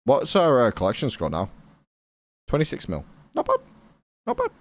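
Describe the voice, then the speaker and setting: A man's voice: mid-range voice, huge pitch swings, normal speed. A young British man streaming a game, chatting casually with his chat and swearing now and then.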